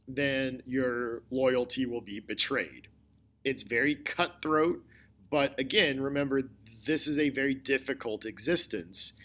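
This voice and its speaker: A male history teacher giving a recorded lecture, explaining slowly and deliberately, often repeating his key points. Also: medium pitch, a bit bright. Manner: slow, deliberate explaining with repetition.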